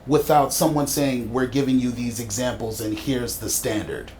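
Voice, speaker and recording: A man's voice: medium pitch, steady tone, normal speed, a little mellow, a little hiss or hum. A man talking in a thoughtful, reflective way during a casual podcast conversation.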